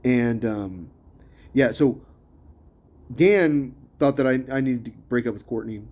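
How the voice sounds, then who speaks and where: A young man talking in a rambling personal monologue, hesitant, full of fillers and restarts, growing louder and higher when he gets worked up. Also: takes it slowly.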